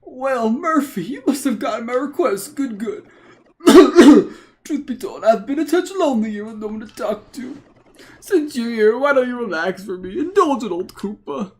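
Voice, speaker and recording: A man's voice: very high voice, expressive, normal speed. Brief: a man putting on a doddering old turtle grandpa, forgetful, chatty, chuckling as he rambles. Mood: rambling. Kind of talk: reading game dialogue in a put-on voice.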